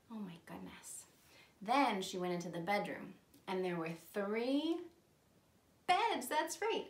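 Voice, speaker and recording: A woman teacher telling a story to young children, animated, with gasps and dramatic whispers. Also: medium pitch. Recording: roomy echo.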